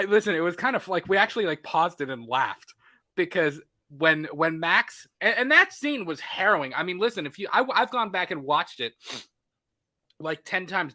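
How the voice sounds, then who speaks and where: A man co-hosting a casual movie podcast, talking excitedly and acting out his own reactions. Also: on the high side. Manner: animated, excitable, acts out reactions. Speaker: podcast co-host. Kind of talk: casual movie review chat.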